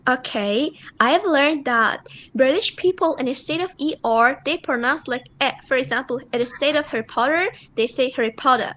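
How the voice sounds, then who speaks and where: A woman student speaks on an online class call, her voice a little high, choosing her words slowly and carefully as she lists what she learned. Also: a bit bright, rough recording. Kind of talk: answering in class. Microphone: computer mic on video call.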